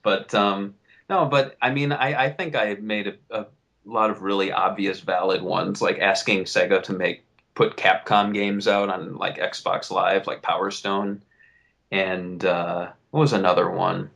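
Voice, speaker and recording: A young man co-hosting a casual podcast, venting and riffing in an animated way, swearing freely. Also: low voice, unhurried, gravelly. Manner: animated, swearing, riffs and vents. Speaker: podcast co-host.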